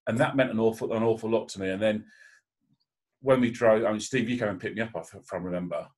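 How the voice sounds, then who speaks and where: A man with a fairly low voice speaks candidly on a panel. He tells his own story with feeling, often pausing and restarting his sentences. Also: darkish tone. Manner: candid, emotional, halting with restarts. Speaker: panel guest. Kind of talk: personal story on a video call panel.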